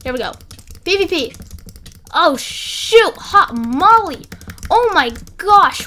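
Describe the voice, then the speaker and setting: A woman's voice: very high-pitched, sing-song, slow, bright, forceful tone, a little hiss or hum. A young woman rambling through live gameplay commentary, flustered and breaking off mid-sentence. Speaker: gaming YouTuber.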